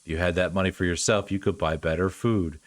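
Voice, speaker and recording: A man voicing a frail, sad young man in a visual novel, speaking quietly and with self-blame. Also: sits low, steady tone, fast, no echo, voice pushed down, lightly acted. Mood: subdued. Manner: quiet, subdued, self-blaming.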